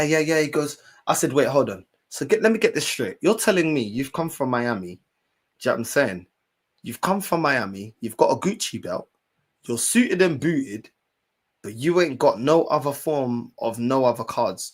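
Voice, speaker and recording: A young man, a streamer telling a story in an animated, slangy way and swearing now and then. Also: medium pitch, normal speed, breathy edge. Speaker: streamer and fan channel host. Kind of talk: casual storytelling chat.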